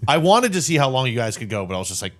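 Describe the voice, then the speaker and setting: A man co-hosting a casual podcast, loud and animated, full of crude jokes. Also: mid-range voice, fast. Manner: animated, crude humor, mock voices. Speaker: podcast co-host.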